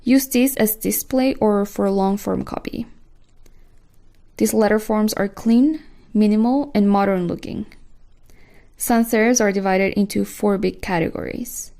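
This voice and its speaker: Course instructor, woman, scripted lesson narration, mellow and a bit gravelly. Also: medium pitch, measured pace.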